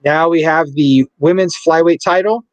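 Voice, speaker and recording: A man's voice: a little high, fairly even intonation, moderate pace, no room sound, rough recording. A man co-hosting a podcast, chatting casually and playfully, sometimes stumbling over names. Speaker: podcast co-host. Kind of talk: casual sports chat.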